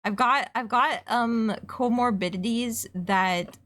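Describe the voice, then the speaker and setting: A young adult woman with a Canadian accent chatting casually while streaming a game, rambling through quick asides and casual swearing. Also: a little high, a bit bright.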